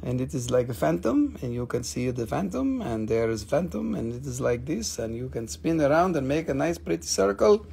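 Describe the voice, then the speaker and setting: A man hosting a live crystal sale in casual, playful chat. He jokes, gets excited easily and drifts into broken-English sales talk. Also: medium pitch, normal speed, creaky, hardly any pauses, slightly rough. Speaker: host selling crystals on a live stream.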